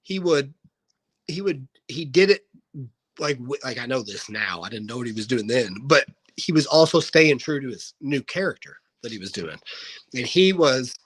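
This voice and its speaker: In a casual interview, a guest wrestler in his thirties spins animated anecdotes, performing what people said. He speaks at normal speed with a husky, medium-pitched voice over poor audio.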